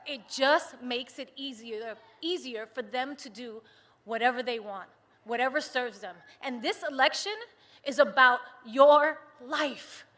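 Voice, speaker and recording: Bright, high-voiced woman rallying a crowd. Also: a little slow. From United States. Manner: impassioned, rousing. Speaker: campaign rally speaker. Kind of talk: rally speech. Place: large rally venue. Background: faint crowd.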